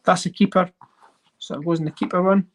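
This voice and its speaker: A host chatting casually on a livestream while sorting coins, rambling and getting excited over finds. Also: mid-range voice, a little fast. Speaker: coin collecting channel host.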